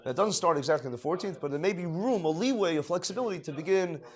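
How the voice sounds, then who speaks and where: A middle-aged man, a rabbi giving an informal Torah lecture, rambling with many restarts, dropping Hebrew and Yiddish terms into English, swinging between hushed and emphatic. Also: fairly high pitch, expressive, fast. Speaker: rabbi teaching a class.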